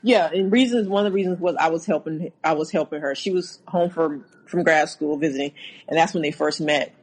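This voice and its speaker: A woman telling her own story as a podcast guest, halting and repeating herself, acting out what was said. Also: low voice, a little mellow, breathy edge, low-quality recording. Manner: halting, repeats words, acts out quotes. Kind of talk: personal account in a podcast interview.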